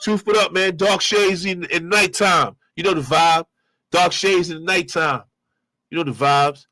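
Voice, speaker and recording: A man hosting his own show, giving loose, slangy street commentary and shout-outs. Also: high voice, measured pace, background noise. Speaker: show host reacting to clips. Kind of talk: casual commentary.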